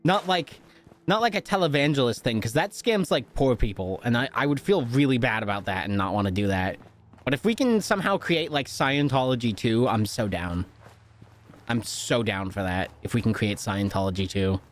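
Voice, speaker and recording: A man's voice: mid-range voice, animated, moderate pace. A young man chatting casually on a live stream, rambling and joking, swearing often and laughing a lot.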